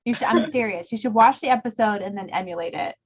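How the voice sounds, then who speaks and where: A woman's voice: medium pitch, fast talker, muffled recording. A woman joining a live stream, chatting casually, teasing and laughing often. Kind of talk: casual chat.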